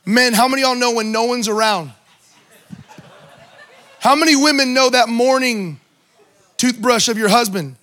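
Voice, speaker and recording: A man preaching a sermon as pastor, animated, acting out Bible scenes with shouted bursts and joking asides. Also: very high-pitched, normal speed, long pauses.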